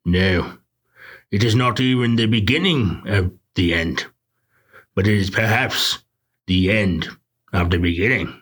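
A man putting on an impression of an old-time British statesman giving a slow, solemn speech to parliament. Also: on the low side, a bit bright, breathy edge.

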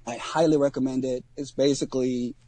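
A man co-hosting a podcast, talking casually in a halting way with many ums and restarts. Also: medium pitch, steady tone, warm tone, no echo. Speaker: podcast co-host.

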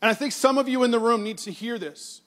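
Speaking quickly in a very high-pitched voice, this middle-aged male pastor recounts a family story during his sermon, giving lively voices to the people he quotes. When he reaches scripture, his tone softens and becomes earnest.

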